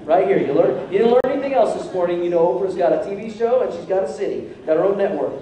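In a church sanctuary, a pastor with a high, dark-toned voice preaches quickly with lively intonation. He jokes around and acts out the voices of the characters in his story, recorded from a distance in an echoey hall with faint noise.

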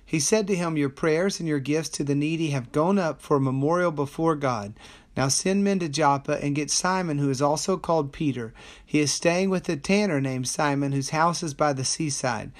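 Pastor reading scripture and teaching. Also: male voice, fairly high pitch. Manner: steady reading with slow, deliberate commentary. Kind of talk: daily Bible study, reading scripture and teaching.

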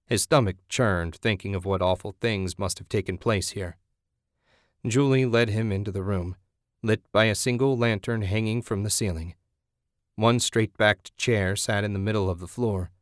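In a steady, measured delivery, a man reads an audiobook with a voice that sits on the low side. It's a dry recording of studio quality.

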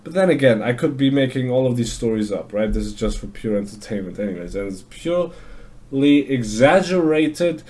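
A man hosts a casual solo podcast, rambling and cursing through a monologue packed with fillers and restarts. His mid-range voice is animated and a little mellow, at a moderate pace.

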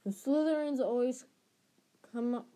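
A woman's voice: sits high, measured pace, warm tone, pitched above the performer's own voice. A woman voicing an eager teenage schoolboy in a storybook reading, speaking casually.

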